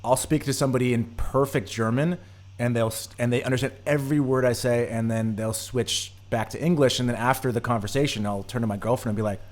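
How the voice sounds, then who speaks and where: A man from the United States chats as a podcast guest in an easygoing, rambling way. His pitch sits in a middle range. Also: steady tone, fast talker, a little mellow. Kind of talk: casual podcast chat.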